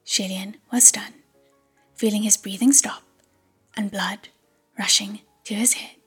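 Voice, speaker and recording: A woman's voice: mid-range voice, fairly even intonation, measured pace, fairly bright tone, faint music behind. A woman narrating an audiobook chapter in a whispered role-play. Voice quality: breathy whisper.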